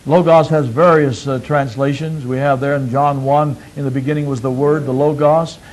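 A man preaching a sermon, asking his listeners questions and repeating phrases, swinging from loud emphatic peaks to quiet low asides. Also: steady tone, normal speed, poor audio.

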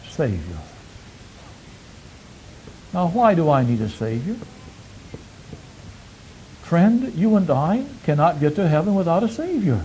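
A man preaching a sermon, asking his listeners questions and repeating phrases, swinging from loud emphatic peaks to quiet low asides. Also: breathy edge, low-quality recording.

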